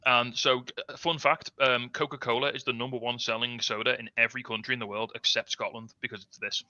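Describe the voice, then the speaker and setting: A man with a Liverpool accent talks fast and cheekily as a podcast guest. His voice is sharp and bright. It comes through a dull, lo-fi remote line with a dry, close sound. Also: medium pitch, little pitch movement, dry recording. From Liverpool, England. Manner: quick, cheeky, storytelling. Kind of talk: casual podcast chat.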